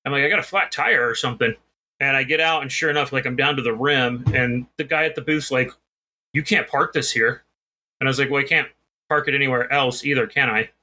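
A man's voice: medium pitch, a little fast, sharp tone. A man co-hosting a podcast, telling a rambling, self-deprecating story in casual chat. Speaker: podcast co-host.

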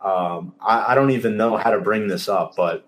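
A man's voice: lowish voice, moderate pace, a bit bright, slight background noise. A man hosting a casual sports talk show, emphatic, exasperated and openly sarcastic. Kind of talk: casual sports podcast chat.

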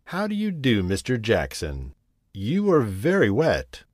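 A man's voice: mid-range voice, huge pitch swings, measured pace, no room sound, studio quality. A man voicing a fussy, tidy little female house mouse in a storybook reading, prim and scolding.

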